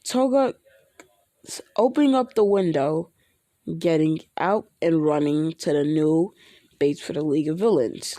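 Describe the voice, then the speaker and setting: A woman narrates an improvised fan story, rambling and restarting as she goes. Her voice is lowish and mellow. The sound is dry and close. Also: unhurried, dry recording.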